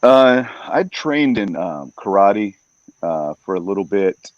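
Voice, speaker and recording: Animated male fight announcer telling stories. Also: lowish voice, slow, no echo. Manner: animated, acts out other people's lines. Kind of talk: casual storytelling in a podcast interview. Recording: dull, dry podcast audio.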